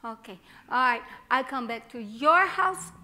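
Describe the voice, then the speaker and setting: A woman's voice: high-pitched, expressive, measured pace, pushed and bright, heavily acted. A woman performing a spirited Mexican-American little girl starting first grade, chatty and childlike, with a Mexican-American accent and Spanish phrases mixed in. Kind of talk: one-woman theatre monologue.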